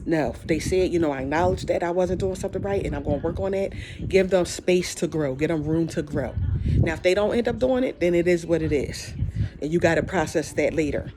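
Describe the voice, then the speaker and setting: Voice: medium pitch, a little fast. A podcast host giving a casual, heartfelt encouraging monologue, rambling and repeating phrases, saying y'all. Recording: steady background noise.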